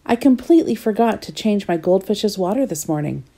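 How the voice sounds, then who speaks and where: A woman's voice: medium pitch, animated, fairly quick, warm tone. A woman voicing a fussy, fretful man in a children's storybook. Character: fussy man who forgot his goldfish.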